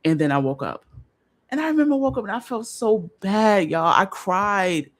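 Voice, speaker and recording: A woman's voice: mid-range voice, expressive, moderate pace. Woman vlog host, casual storyteller, chatty and earnest, many restarts. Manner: rambling, restarts, chatty asides to viewers; earnest, openly emotional.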